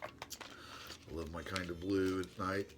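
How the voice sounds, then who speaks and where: Man with a lowish voice, host reading his own letter aloud, halting delivery with plenty of restarts and asides. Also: fairly even intonation, noisy background. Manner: hesitant, many restarts and fillers; chuckles to himself between passages. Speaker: channel host.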